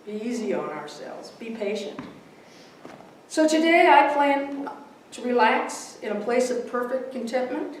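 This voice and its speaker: Heard from a distance in a big, heavily reverberant hall full of congregants, a woman minister delivers a casual sermon that blends readings and a funny story. She speaks in a fairly high voice, warm and chatty, chuckling at her own humor, over a faint hiss or hum.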